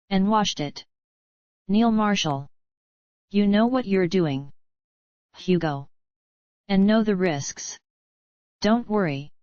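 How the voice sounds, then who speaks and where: A woman reading a screenplay aloud in a flat manner, naming each speaker before the line. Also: fairly low pitch, dry recording, lo-fi sound.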